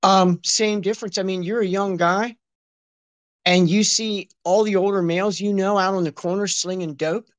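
A man's voice: high-pitched, steady tone, normal speed. A man chatting casually as a podcast co-host, telling stories in a rambling, slangy way full of filler words. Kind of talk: casual conversational chat.

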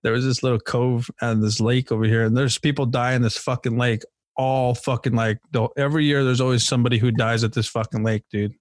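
A man's voice: mid-range voice, fairly even intonation, a little fast, no echo. Young man, profane and laid-back, dry sound. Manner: profane, says "dude" and "man" a lot. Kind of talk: casual chat.

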